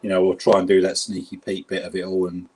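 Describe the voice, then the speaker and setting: A man's voice: low-pitched, monotone, quick pace, dark tone, husky. A man with a South London accent talking casually and rambling with lots of fillers. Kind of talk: casual chat.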